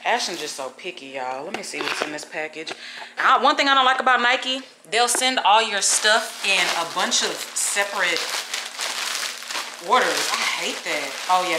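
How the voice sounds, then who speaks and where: A woman's voice: lowish voice, background noise. A woman in her thirties vlogging at home, chatting loosely and rambling. She swears freely and calls her viewers "y'all". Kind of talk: casual chat to camera.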